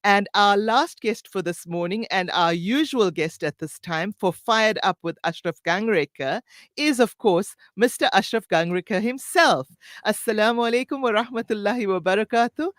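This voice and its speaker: Woman radio host, quick intros, dry close mic sound. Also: medium pitch, dry recording. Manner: warm backchannels, brisk introductions. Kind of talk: radio talk show hosting.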